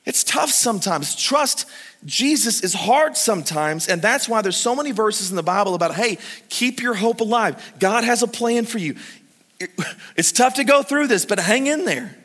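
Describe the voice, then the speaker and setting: A middle-aged male pastor preaching a sermon, swinging from loud urgent calls to hushed, intimate pleading as he tells stories and speaks straight to the congregation. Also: high-pitched, expressive, normal speed. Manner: storytelling, addresses the congregation directly. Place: church sanctuary. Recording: long hall reverb.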